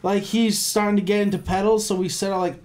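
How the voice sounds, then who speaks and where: High-voiced excited male musician. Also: fast talker. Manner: excited, casual, profane. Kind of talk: casual chat.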